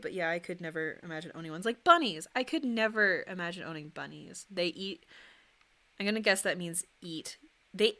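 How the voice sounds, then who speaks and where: A woman's voice: fairly low pitch, animated, a little fast, a bit bright. A young woman streamer chatting casually and rambling while she paints miniatures and answers questions from chat.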